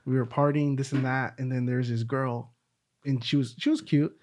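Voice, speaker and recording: A young man in casual podcast chat, telling a story in a relaxed, profane, slangy way. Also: mid-range voice, normal speed. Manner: relaxed, profane storytelling full of "bro" and "dude".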